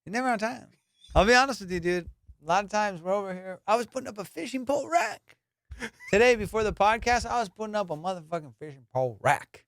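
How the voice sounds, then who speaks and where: A young adult man hosting a comedy podcast, telling stories in profane, excitable casual banter. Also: high voice, quick pace, no room sound. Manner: profane, excitable storytelling with frequent laughs.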